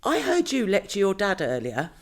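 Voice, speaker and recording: A woman's voice: mid-range voice, huge pitch swings, moderate pace. A woman co-hosting a podcast in casual chat, laughing often and swearing casually. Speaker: podcast co-host.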